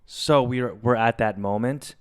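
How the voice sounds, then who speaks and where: A man's voice: medium pitch, a little slow. A young man, a podcast co-host, telling a long story casually and acting out what people said. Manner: animated storyteller acting out quotes.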